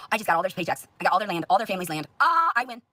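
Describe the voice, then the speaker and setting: Her fairly low voice races along with a slightly bright, breathy edge, captured in a dry recording. She is an American in her thirties, livestreaming an angry, foul-mouthed, accusatory rant.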